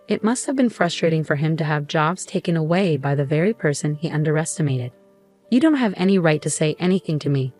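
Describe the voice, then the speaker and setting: A woman narrating a first-person story in an even, composed way. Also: low-pitched.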